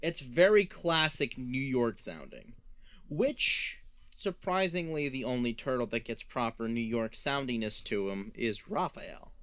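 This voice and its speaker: A man co-hosting a casual review chat, animated and acting out voices as he talks. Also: medium pitch, a little slow, dry recording. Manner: animated, acts out voices and quotes. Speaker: co-host.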